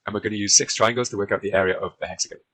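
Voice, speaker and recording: British guy doing a maths walkthrough, quick, lots of uhs, voice-over while he draws. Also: on the low side, fairly even intonation, fairly bright tone, low-quality recording. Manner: talks while drawing, with frequent fillers. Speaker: maths tutor. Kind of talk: exam walkthrough lesson.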